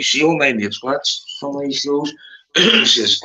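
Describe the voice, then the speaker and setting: A man's voice: medium pitch, moderate pace, pushed and bright, roomy sound, dull audio. A man with a Northern Irish accent in rambling casual chat, repeating himself and calling his friend mate. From Northern Ireland.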